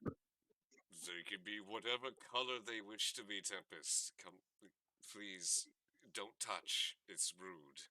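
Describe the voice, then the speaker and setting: A man voicing a tired male dragonborn who speaks slowly and gently corrects a child. The voice is low and dry, with a bright edge. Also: dry recording, full character voice, poor audio. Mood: patient. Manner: slow, patient, gently scolding. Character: calm, weary male bronze dragonborn scholar.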